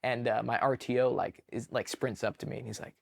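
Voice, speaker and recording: A man from California, an army veteran guest telling a story casually, animated, with many fillers and swearing. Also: mid-range voice, fairly quick, creaky. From California, USA. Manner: animated, filler-heavy, profane.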